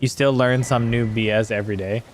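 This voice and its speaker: A man streaming a game and chatting loosely with his viewers. His voice sits at an ordinary middle pitch. He rambles, restarts his sentences and swears freely. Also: fairly even intonation, a little fast, slight background noise. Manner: rambling, sweary, talks to chat while playing. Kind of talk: casual gameplay chat.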